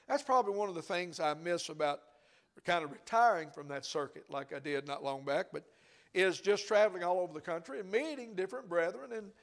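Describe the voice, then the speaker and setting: An older man preaching a sermon in a church, telling stories in a folksy, conversational way. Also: high voice.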